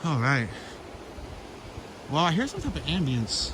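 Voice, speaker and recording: A talkative man with a Philadelphia accent and a slightly raised voice narrates as he walks a small-town street. He muses aloud to his viewers, and the camera mic picks up a loud stream and passing cars. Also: fairly high pitch, huge pitch swings, measured pace, long pauses. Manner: chatty, thinks aloud and talks to viewers. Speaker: walking tour vlogger. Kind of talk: narrated walking tour. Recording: noisy outdoor walk with stream and traffic. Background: flowing stream and passing traffic.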